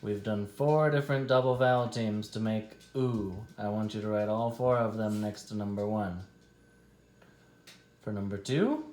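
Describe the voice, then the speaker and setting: A man teaching a class, dictating a spelling test slowly and deliberately, stretching out each test word. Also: medium pitch, a little mellow, roomy sound.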